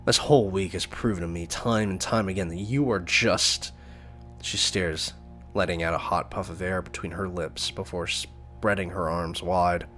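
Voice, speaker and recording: A man's voice: sits low, fairly even intonation, normal speed, a bit bright, faint music behind. A man voicing a cold, curt young woman in a visual novel playthrough. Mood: scornful.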